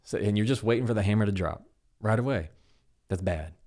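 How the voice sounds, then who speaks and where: A low-pitched man speaks as an interview guest, explaining conversation techniques in a casual, animated way. He slips into quoted dialogue to act out examples. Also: brisk. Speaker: guest, communication expert.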